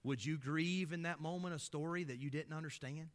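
A man preaching a sermon as pastor, impassioned, asking many rhetorical questions and swinging between loud emphasis and hushed low passages. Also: a little fast. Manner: impassioned, full of rhetorical questions, swelling and dropping in loudness.

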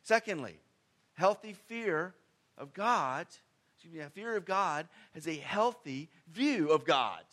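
Male pastor, slightly high voice, casual sermon delivery with big swings in emphasis. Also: animated, unhurried, fairly bright tone. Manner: conversational preaching with emphatic swings in pitch and volume.

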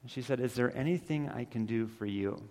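A male pastor delivers an earnest sermon, his voice mid-pitched and rising to emphatic peaks. The sound carries a long reverb from the hall. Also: a little fast, warm tone.

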